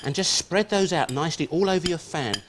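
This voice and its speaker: Upbeat man as a TV cooking-show chef, high voice, coaching contestants step by step; old broadcast with loud background noise. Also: brisk. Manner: upbeat, encouraging step-by-step instructions. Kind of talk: hands-on cooking demonstration. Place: TV studio kitchen set.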